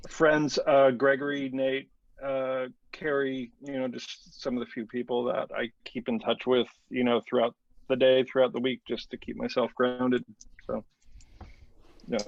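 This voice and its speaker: A man's voice: medium pitch, flat delivery, measured pace, creaky, no room sound. Man on a dry, muffled podcast mic. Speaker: podcast co-host. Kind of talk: casual chat.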